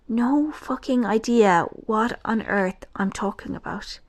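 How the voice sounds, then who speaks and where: A woman from Ireland co-hosting a podcast, introducing the show and reading a listener's comment aloud with lively expression. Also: a little high, slow, few pauses. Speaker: podcast co-host.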